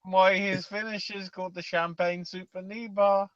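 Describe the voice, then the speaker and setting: A man's voice: sits high, level tone, normal speed, fairly bright tone, no room sound, lo-fi sound. A man co-hosting a podcast in casual chat, making crude jokes and trailing off. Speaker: podcast co-host.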